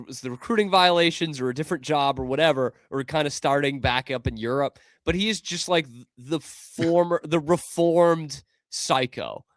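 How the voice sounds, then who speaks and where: A man's voice: a little high, no room sound, studio quality. A man co-hosting a sports talk show, musing in a wry, thoughtful way with frequent restarts. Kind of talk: casual talk-radio chat.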